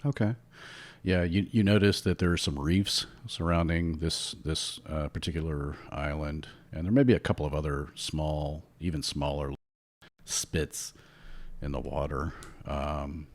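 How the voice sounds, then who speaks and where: A man narrating as game master for a tabletop game, relaxed and rambling with many fillers. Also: a bass voice, measured pace.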